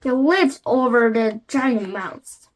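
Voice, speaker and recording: A high-pitched female voice reads a children's chapter book aloud at a slow pace; she hosts the channel and her first language is Korean. The reading is cautious and broken, with many restarts.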